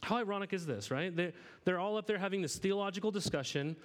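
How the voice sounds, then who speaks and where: A man's voice: sits high, quick pace. A man in his thirties preaching a sermon in an earnest, conversational way, often repeating words as he starts a sentence. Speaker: pastor.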